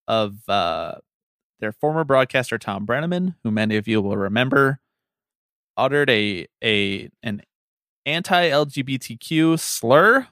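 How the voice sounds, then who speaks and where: A man's voice: medium pitch, pushed and bright, no echo. Podcast co-host, man, loose casual delivery, swears a lot, dead-dry close mic. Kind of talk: casual sports podcast chat.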